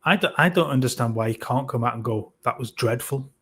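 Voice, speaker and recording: A man's voice: mid-range voice, animated, fast, fairly bright tone, breathy edge. A man, co-hosting a fan podcast, talking in a plain-spoken, exasperated way in a live reaction. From North East England. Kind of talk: casual live reaction talk.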